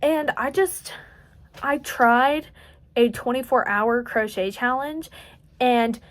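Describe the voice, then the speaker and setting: At home on a casual late-night crochet vlog, an eighteen-year-old woman talks slowly in a high-sitting voice. Her light Southern US country accent colors her rambling, chatty style, and she often pokes fun at herself.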